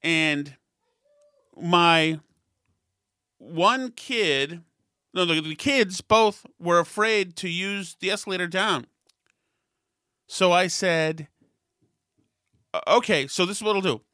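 A middle-aged man hosting a casual monologue, telling stories and getting worked up and loud when he retells arguments. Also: high-pitched, slow, pauses often, no room sound, clean studio sound. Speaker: podcast host.

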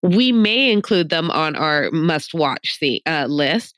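A woman's voice: low-pitched, lively intonation, takes it slowly, fairly bright tone, dry recording. Woman podcast co-host, casual upbeat chat, filler words, dry close mic. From Mexican heritage. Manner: chatty, upbeat, many fillers.

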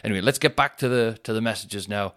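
A man's voice: on the low side, quick pace. A man, hosting a podcast and telling rambling, sweary comic stories. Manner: sweary, rambling, animated retelling with shouted put-on quotes. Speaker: podcast host. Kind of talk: casual comedic storytelling.

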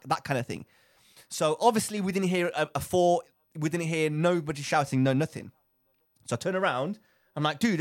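A young man tells a story in a relaxed podcast chat, his voice sitting a touch high for a man. He talks with animation, doubling back over phrases as he goes. The sound is dry and close, with no room echo. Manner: animated, repeats and restarts phrases while telling a story. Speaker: podcast co-host.

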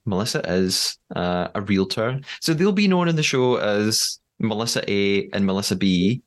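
A man with a fairly low voice hosts a podcast in a loose, chatty way. He laughs easily and fills pauses with "uh" and "um". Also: lively intonation. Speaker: podcast host. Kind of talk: casual podcast chat.

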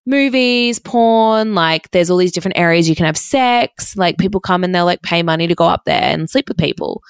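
A chirpy young shop girl, talking in a matter-of-fact, breezy way, as a woman quotes her in a higher voice. The sound is close and dry. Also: expressive, normal speed, clean tone, no room sound.

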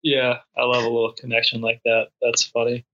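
A man's voice: mid-range voice, monotone, fairly quick, sharp tone, muffled recording. A man in casual podcast chat who rambles with many restarts and fillers.

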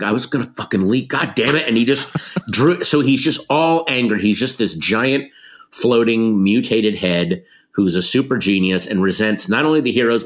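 Storytelling man with a low voice. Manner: animated anecdotes with quoted voices. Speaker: comedian guest. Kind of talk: conversational storytelling.

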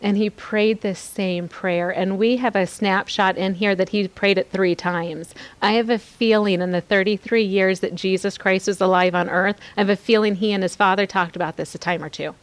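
A woman gives devotional teaching in a middle-pitched voice. She presses her points by repeating phrases and mixes in candid, confiding asides. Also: steady tone, normal speed, few pauses, no room sound. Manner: earnest, exhorting, repeats phrases for emphasis. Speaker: podcast host teaching scripture.

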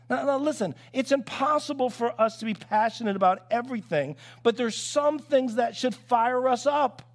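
A man's voice: very high-pitched, moderate pace, few pauses. A male pastor preaching a sermon in church, telling stories with acted-out quotes and frequent restarts. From United States.

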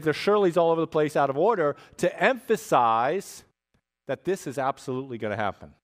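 A man preaching a sermon as a pastor, conversational and animated, often checking in with "right?" and dropping humorous asides. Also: on the high side, a little fast. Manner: animated emphasis with asides and jokes.

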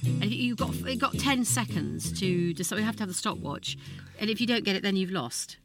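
A woman's voice: medium pitch, lively intonation, fairly quick, music in the background. A middle-aged woman co-hosting a podcast with her daughter, chatty and teasing, laughing often. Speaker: podcast co-host, mother of the other host. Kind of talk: casual chat.

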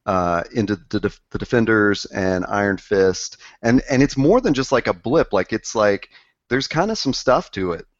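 A man's voice: fairly low pitch, expressive, no room sound, lo-fi sound. A man co-hosting a casual pop-culture chat, rambling and restarting his sentences as he goes. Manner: rambling, halting, lots of restarts. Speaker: podcast co-host.

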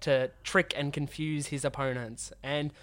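A man hosting a podcast while sick with a cold, his voice raspy from a sore throat, talking eagerly in casual chat. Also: a little high, steady tone, unhurried. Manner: enthusiastic, gushing. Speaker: podcast host.

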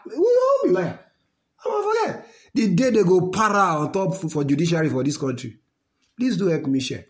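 A man with a Nigerian accent, delivering a fiery, rambling political rant to his listeners. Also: fairly high pitch. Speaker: political commentator. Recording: roomy echo.

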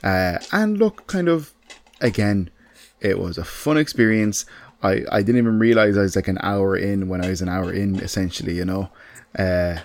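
A man's voice: low-pitched, normal speed. A man co-hosting a casual film chat, rambling and restarting his thoughts as he goes. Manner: rambling, lots of fillers and restarts. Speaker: podcast co-host. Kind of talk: casual chat about films.

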